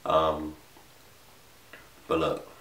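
A man's voice: a bass voice, completely flat delivery, very slow, fairly bright tone. A young man hosting a casual reaction vlog, talking in slang, swearing and laughing. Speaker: reaction video host. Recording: echoey room, distant mic.

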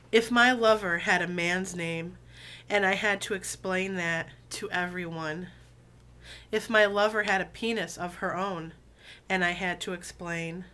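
Sick woman vlogger, voice dropped low, slow and easy, bright tone, reads poems aloud. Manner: relaxed, many um fillers, deliberate drawn-out reading. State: sick, voice lower than usual. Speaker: video blogger reading poetry. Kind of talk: casual chat and slow poetry reading.

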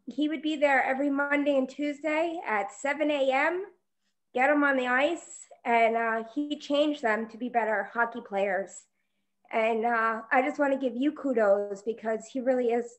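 A woman in her forties giving a heartfelt, halting tribute on a video call. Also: on the high side. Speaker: hockey mom sharing a memory.

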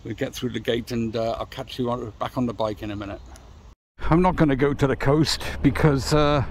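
A man's voice: medium pitch, fairly quick, slight background noise. A middle-aged man, chatting casually to camera as a motorcycle vlogger while walking around outside by a church, rambling and talking straight to his viewers. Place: outdoors by a church and graveyard.

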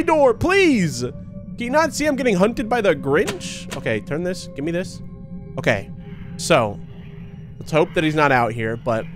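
A young man giving excitable, laughing commentary while playing a horror video game. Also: medium pitch. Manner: excitable, laughing, talks to himself and the viewers. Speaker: gaming YouTuber.

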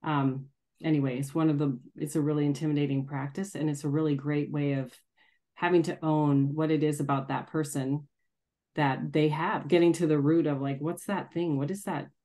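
Low-pitched female host, reflective and relaxed, casual group talk. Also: moderate pace. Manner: reflective, laughs easily.

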